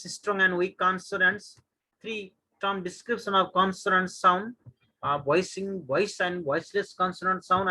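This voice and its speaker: A man with an Indian English accent, a teacher reading through a course syllabus, listing topics one by one with frequent pauses. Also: high voice, bright, forceful tone, poor audio. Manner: reads lists item by item with many "uh" pauses.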